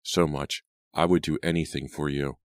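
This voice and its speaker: Guy doing a young gentleman murderer, super deep, pleading, dry mic. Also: level tone, moderate pace, dry recording. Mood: confessing. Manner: earnest, pleading delivery. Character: lovestruck young gentleman killer, intense. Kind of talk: audiobook character reading. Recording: dry close studio sound.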